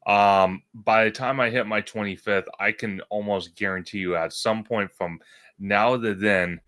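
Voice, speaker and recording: A man co-hosting a casual livestream chat, agreeing loudly and often tripping over his words. His voice is lowish but bright and forceful. The sound is dry and close. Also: fairly even intonation, a little slow, no echo. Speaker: podcast co-host.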